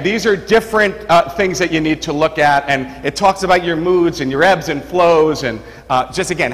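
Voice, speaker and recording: Forties New York man, chatty energetic presenter, reverberant hall sound. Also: on the high side. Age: 40s. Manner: energetic, chatty, lots of "you know" and "right". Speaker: seminar presenter. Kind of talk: live seminar talk. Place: seminar room.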